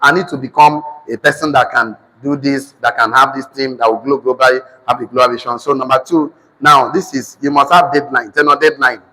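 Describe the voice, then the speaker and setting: A man with a Nigerian accent teaching a finance class, repeating each phrase slowly so students can write it down. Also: medium pitch, steady tone, bright, forceful tone, in a large hall, low-quality recording. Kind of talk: classroom lecture with dictation.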